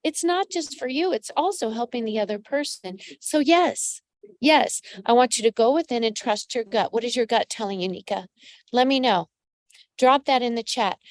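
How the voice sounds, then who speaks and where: A woman psychic medium hosts a live reading in a fairly high voice, recorded close and dry with no room sound. She coaches listeners directly and keeps calling them honey and darling. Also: moderate pace, no room sound. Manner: affectionate, calls listeners pet names. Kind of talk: live-streamed astrology reading.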